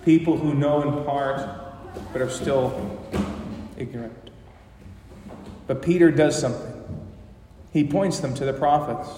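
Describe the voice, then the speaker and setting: A man preaches a sermon in a church sanctuary, heard from a distance in a long, echoing hall. He is impassioned, slowing his words for emphasis and swelling in volume. Faint room ambience sits under his voice. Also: a little high, fairly even intonation, a little mellow, a little hiss or hum. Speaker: pastor. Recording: echoey hall from far off.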